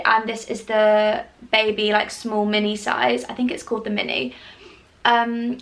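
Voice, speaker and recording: Young woman lifestyle vlogger, casual and gushing, slightly high voice, lots of fillers. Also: fairly bright tone. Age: 20s. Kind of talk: casual chat to camera.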